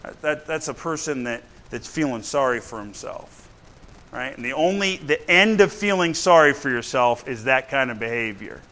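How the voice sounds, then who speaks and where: A mid-range male voice, animated and pushed bright, moves at normal speed through a church sermon. The congregation responds as he talks bluntly and conversationally, constantly checking in with a "right?".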